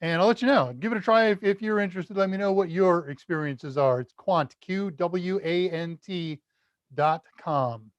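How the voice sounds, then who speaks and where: A man's voice: sits high, moderate pace, no room sound, lo-fi sound. A man from the United States hosting a casual live Q&A stream, chatty and self-deprecating, reading out viewer comments and laughing at his own jokes. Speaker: livestream Q&A host.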